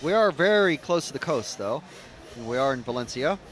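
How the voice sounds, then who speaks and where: A man's voice: medium pitch, expressive, moderate pace, a bit bright, rough recording. A man giving casual, rambling live race commentary with lots of fillers. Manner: chatty, rambling, with frequent fillers. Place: outdoor racetrack, trackside.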